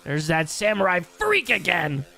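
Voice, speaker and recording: A man streaming a video game live, talking to his chat with loud excited outbursts and lots of swearing. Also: high voice, measured pace, gravelly, soft background music. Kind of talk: live gameplay commentary.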